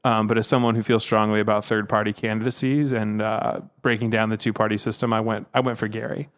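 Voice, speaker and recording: A man's voice: fairly low pitch, level tone, fast talker. A man on a podcast, casually telling a long story with plenty of fillers and asides, now and then mimicking voices. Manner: rambling, with frequent fillers and "if you will"; mimics other people's voices when quoting. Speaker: podcast co-host.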